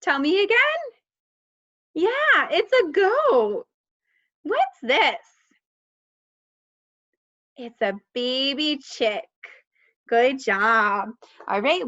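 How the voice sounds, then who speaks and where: A woman teaching young children, speaking slowly with an exaggerated, encouraging sing-song manner and praising often. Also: high-pitched, pushed and bright. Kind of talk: child-directed lesson. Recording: dull lo-fi recording.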